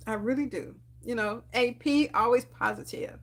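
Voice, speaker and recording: Young woman vlogger, slightly high voice, animated and encouraging, uplifting talk to camera with lots of "um"s. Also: a little fast, slightly rough. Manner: animated, laughs often, preachy encouragement with fillers. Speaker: dental hygienist and channel host.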